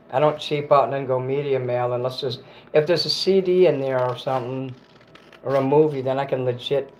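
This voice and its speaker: A man's voice: mid-range voice, darkish tone, slight background noise. A man on a casual livestream, ranting bitterly and cursing, often stopping to correct himself. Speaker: livestream host.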